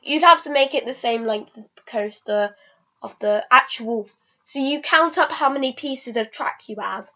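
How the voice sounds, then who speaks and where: A woman's fairly high voice comes through a dull, lo-fi recording. She rambles through a casual vlog and keeps stopping to restart her sentences, with plenty of ums and uhs in between. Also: bright, forceful tone. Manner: rambling, hesitant, many restarts and fillers. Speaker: vlogger.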